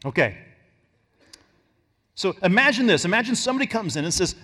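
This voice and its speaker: A man's voice: high voice, very animated, fairly quick, pauses often. Male pastor, sermon, emphatic delivery, long reverb of a large church hall. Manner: emphatic, varies loudness and pace for stress.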